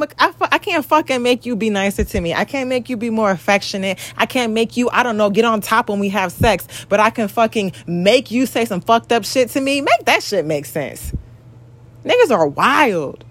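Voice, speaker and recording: A woman's voice: on the high side, fairly bright tone. Profane, exasperated young woman venting. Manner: mocks others in acted quotes. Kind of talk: venting rant to camera.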